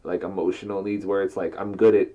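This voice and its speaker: A man's voice: deep voice, level tone, fast, dark tone. A man co-hosting a casual couples podcast, talking in a laid-back, rambling way and swearing freely. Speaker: podcast co-host. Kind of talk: casual chat. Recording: muffled lo-fi mic.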